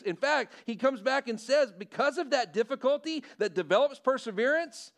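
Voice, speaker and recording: A man's voice: extremely high pitch, animated, normal speed, hardly any pauses. A middle-aged male pastor preaching a sermon in a conversational way, often asking the congregation questions.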